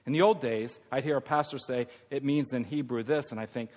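An older male pastor preaching in a church sanctuary, his voice trailing a long reverb through the hall. He sits at a middle pitch and swings between hushed, tender passages and loud, emphatic preaching. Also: fairly quick. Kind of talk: sermon.

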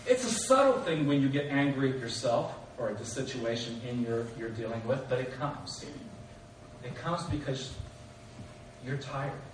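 A man preaching a sermon as pastor, telling a story with animated rhetorical questions and voices for the characters. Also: mid-range voice, moderate pace, slight background noise. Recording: echoey hall recorded from far off.

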